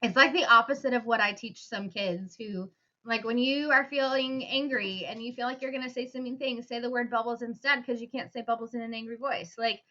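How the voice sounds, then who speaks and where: Woman podcast co-host, bright tense voice, fairly high, hesitant, slightly dull recording. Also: fairly even intonation, a little fast. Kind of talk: casual podcast chat.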